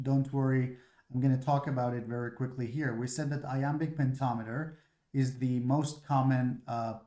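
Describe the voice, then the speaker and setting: A man's voice: mid-range voice, a little mellow. A man lecturing on poetry, explaining patiently step by step with frequent fillers. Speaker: literature lecturer. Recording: echoey room.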